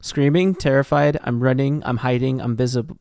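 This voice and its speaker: A man's voice: mid-range voice, fairly even intonation, fairly quick, creaky, darkish tone, clear, resonant tone, no room sound, clean studio sound. A young man live-streaming a horror game, thinking aloud and joking as he works through puzzles. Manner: talks to himself while puzzling things out, joking. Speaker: gaming streamer. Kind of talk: casual live game commentary.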